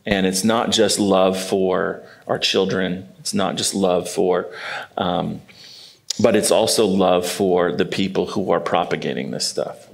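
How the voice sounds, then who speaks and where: Brief: male pastor moderating a Q&A, very deep gravelly voice, unhurried. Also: fairly even intonation. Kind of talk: moderating a church Q&A.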